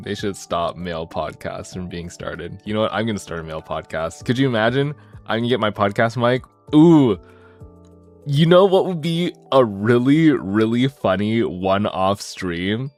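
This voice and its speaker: A man chatting casually on a stream, jokey and animated, his voice swinging from mumbles to high excited bursts. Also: a little slow, faint music behind.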